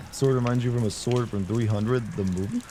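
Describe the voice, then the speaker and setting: A man with a hoarse, sick voice giving rambling, jokey commentary while streaming a game and chatting with viewers. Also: mid-range voice, moderate pace, mellow, slight background noise. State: hoarse from a sore throat. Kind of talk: casual gameplay commentary.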